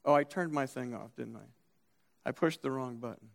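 A man's voice: mid-range voice, moderate pace, gravelly, big-room sound. A man preaching a sermon in a church, telling stories with emphatic, acted-out quotes and frequent restarts. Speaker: pastor. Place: church sanctuary.

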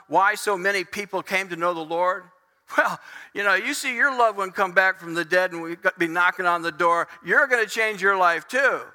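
A man preaching a sermon, swinging between loud pleading and hushed, near-whispered passages. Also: high voice. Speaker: pastor. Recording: long hall reverb.

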